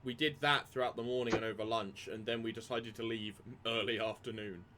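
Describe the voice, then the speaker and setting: A man's voice: lowish voice, fairly even intonation, a little fast, pushed and bright, a little hiss or hum. A man playing in a tabletop game, joking, laughing easily and repeating himself. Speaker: player. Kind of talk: casual tabletop game chat.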